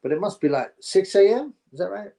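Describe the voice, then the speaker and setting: A man's voice: high-pitched, sing-song, brisk, gravelly, dark tone. A man hosting a casual live boxing stream, reading viewer comments aloud and giving blunt, opinionated, rambling takes.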